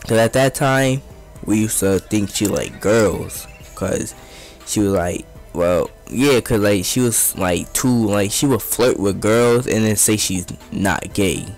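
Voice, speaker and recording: A man's voice: fairly low pitch, takes it slowly, faint music behind. A young man casually telling a story over gameplay, rambling in profane street slang.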